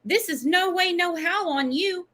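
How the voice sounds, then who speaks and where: A woman's voice: very high voice, measured pace, fairly bright tone. A woman hosting a true-crime livestream, talking in an emphatic, pointed way. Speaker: host.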